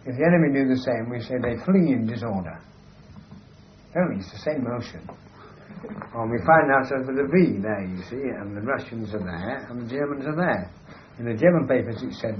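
A man's voice: mid-range voice, expressive, brisk, dull audio, a little hiss or hum. A man holding forth in an emphatic, lecturing way, often asking "you see". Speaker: speaker discussing language. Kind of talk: discursive monologue in conversation.

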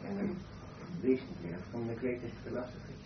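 A man's voice: medium pitch, sing-song, brisk. A man in conversation, pushing back with counterpoints in a hesitant way. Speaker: interlocutor. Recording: distant echoey room on a dull, noisy old recording.

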